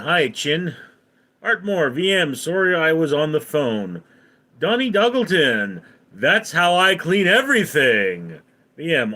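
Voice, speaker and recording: A man hosting a live stream, reading viewer comments aloud and tossing back offhand replies. He talks slowly, but his pitch swings widely and expressively from line to line. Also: pushed and bright. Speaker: livestream host. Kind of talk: casual live-stream chat.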